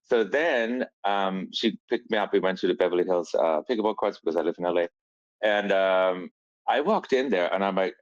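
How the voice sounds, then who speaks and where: A man's voice: deep voice, brisk, no echo, lo-fi sound. A man from Austria, a brand founder telling stories as a podcast guest and acting out quoted lines. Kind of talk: casual storytelling.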